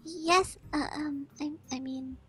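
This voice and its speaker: Shy teen girl, stammers every word, high and slow, read by a male let's-player. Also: steady tone, bright, forceful tone, faint music behind, full character voice. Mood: timid. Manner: stammering, hesitant. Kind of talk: reading a visual novel aloud.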